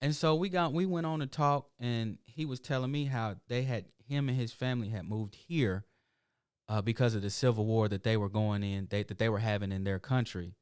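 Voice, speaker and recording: A middle-aged man talks through a loose, storytelling monologue as host of his own show. His voice is smooth and clear, recorded close and dry with no room sound. He wanders through emphatic asides and restarts. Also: medium pitch, normal speed, darkish tone, no room sound. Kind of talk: casual livestream monologue.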